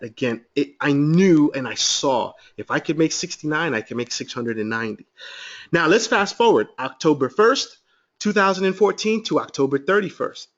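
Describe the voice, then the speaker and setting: Man, webinar presenter; upbeat storyteller, fairly high and very lively pitch. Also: muffled recording. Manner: excited, storytelling, addresses listeners as guys. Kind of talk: sales webinar talk.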